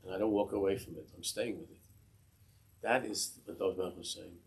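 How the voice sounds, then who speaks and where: Man, very low voice, rabbi, storytelling sermon, acts out characters. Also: steady tone, fairly quick, vocal fry. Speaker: rabbi teaching a class.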